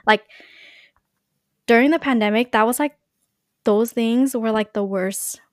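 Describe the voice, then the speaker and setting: On a podcast, a young woman with a slightly high voice talks casually at a measured pace, peppering her speech with "like" and "you know." The studio audio is clean, without echo.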